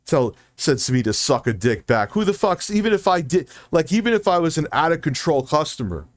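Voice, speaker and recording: A man's voice: on the high side, big pitch swings, a little fast, dry recording, clean studio sound. A man streaming from home, telling a heated, profane story and acting out the phone calls. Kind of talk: casual stream chat, ranting story.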